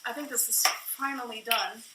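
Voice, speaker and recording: A woman's voice: on the high side, steady tone, normal speed, echoey room, noisy background. A woman talking candidly while cooking in a vlog, out of breath and self-mocking. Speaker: vlogger in a played clip.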